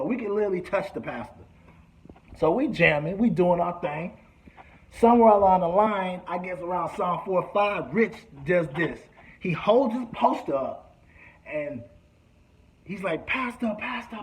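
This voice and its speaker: A man with a fairly high voice tells a story from his own life. He is lively, acting out the people he quotes with sudden shouts and hushed asides. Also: moderate pace, a little hiss or hum. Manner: acts out quotes, shouting and whispering. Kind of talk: animated storytelling.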